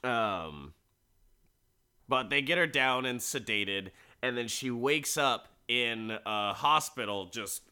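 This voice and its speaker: Bright-voiced man recapping a movie. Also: medium pitch, takes it slowly, clear, resonant tone. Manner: animated storytelling, frequent laughs and fillers. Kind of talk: casual movie plot recap.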